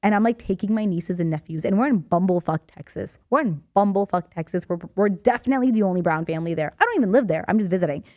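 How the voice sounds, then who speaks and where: A young woman co-hosting a podcast in a studio, telling a story in a lively way, acting out voices and laughing often. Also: fairly low pitch, quick pace, few pauses, no room sound. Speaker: podcast co-host. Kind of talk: casual chat.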